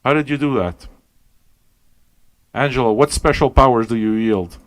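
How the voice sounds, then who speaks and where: A man hosting a radio show, rambling and swearing as he questions everything aloud, tired and high. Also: normal speed, no room sound. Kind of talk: casual rambling talk to listeners.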